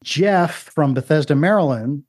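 A man's voice: fairly high pitch, expressive, normal speed. Joking, chatty male podcast co-host. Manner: joking, chatty, mimics voices. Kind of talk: casual chat.

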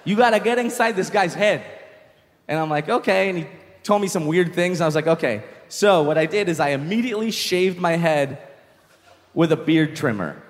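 A young man doing a stand-up comedy set, telling a story with animated delivery and shouted punchlines. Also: fairly high pitch, normal speed, in a large hall. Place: comedy stage with live audience.

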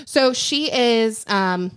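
A woman's voice: a little high, clear, resonant tone. A young woman co-hosting a podcast, telling stories in a chatty, casual way with the odd swear word. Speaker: podcast co-host. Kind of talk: casual chat.

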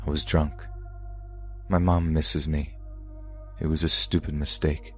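A man voicing a quiet regretful ghost. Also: rumbling low, little pitch movement, measured pace, soft background music. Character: ghost of a young man killed drunk-driving.

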